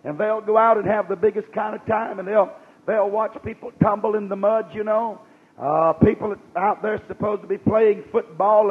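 A man's voice: high-pitched, slightly rough, narrow, tinny audio. A man preaching a revival sermon in a folksy manner, putting rhetorical questions to his congregation and reading scripture aloud. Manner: reads scripture aloud in a rising cadence.

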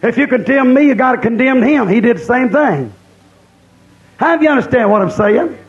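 A man's voice: very high-pitched, lively intonation, moderate pace, lo-fi sound. A man preaching a camp-meeting sermon, emphatic and repeating his points.

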